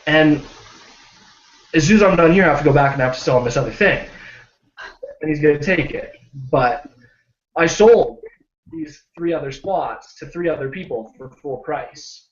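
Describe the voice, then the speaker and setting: Animated man telling a story, roomy call audio. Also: fairly high pitch, moderate pace, lo-fi sound. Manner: animated, acts out quoted voices. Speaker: team member sharing a success story. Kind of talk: casual storytelling on a group video call. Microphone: video call.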